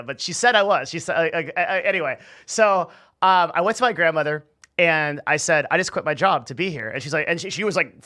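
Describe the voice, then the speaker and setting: A man's voice: on the high side, bright, forceful tone, no echo, studio quality. A young man telling a personal story in a casual, rambling way, profane and full of restarts.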